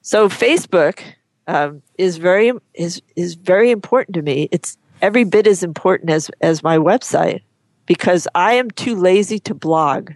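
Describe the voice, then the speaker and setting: A woman guest on an interview show, talking frankly and chattily, often pausing and restarting her sentences. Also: fairly low pitch, darkish tone, no echo. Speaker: guest, horse photographer. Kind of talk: casual interview chat.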